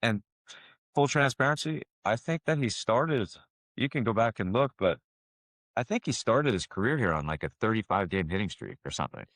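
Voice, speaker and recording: A man speaking in a measured, thoughtful way about coaching, in casual podcast talk. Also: lowish voice, lively intonation, a bit bright, dry recording, studio quality.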